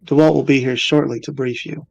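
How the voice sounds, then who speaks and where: A man voicing a brisk female security agent. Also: mid-range voice, steady tone, vocal fry, no echo, highs cut off. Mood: businesslike.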